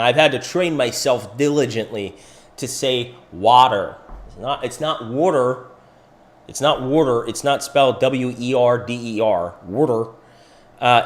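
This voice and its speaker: A middle-aged man hosting a live crypto stream, talking through charts in an animated, conversational way. His voice sits at an ordinary mid pitch, and he speaks to viewers by name as he goes. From Pennsylvania, USA. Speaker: crypto livestream host. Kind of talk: live chart analysis with chat questions.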